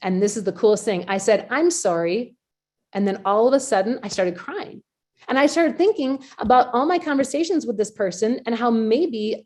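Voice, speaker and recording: A woman hosting a podcast, telling a personal story in a chatty, animated way, acting out her own past reactions. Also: a little high, moderate pace. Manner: chatty, with frequent fillers and laughs. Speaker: podcast host. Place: community call or podcast recording.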